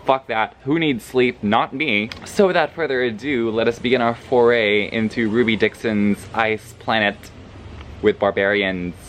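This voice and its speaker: A man's voice: lowish voice, unhurried, a little hiss or hum. A sleep-deprived man chatting casually in a book vlog, rambling and swearing as he reacts to what he reads. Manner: sleepy, profane, rambling and animated. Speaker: book vlogger.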